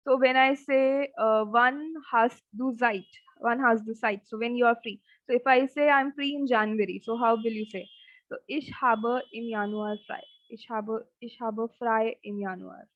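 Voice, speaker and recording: A woman teaching a language class, slowly drilling words and saying each one over and over. Her voice sits a little high. The recording is dry and dull, with a lo-fi sound. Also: fairly even intonation, no echo. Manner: slow, repeats each word several times. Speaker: German teacher. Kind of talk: online language lesson.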